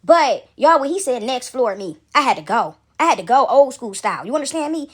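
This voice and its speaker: A woman's voice: high-pitched, fairly quick, husky. A woman telling a story in a casual way, calling her listeners y'all and checking in with "right?". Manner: animated, addresses listeners as y'all, asks "right?".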